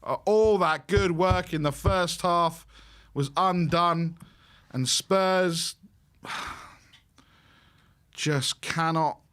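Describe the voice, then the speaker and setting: A man hosting a live match watch-along, reacting with loud exclamations and reading out viewer messages. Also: on the high side, extremely slow, pauses often, smooth. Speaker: host of a fan watch-along stream.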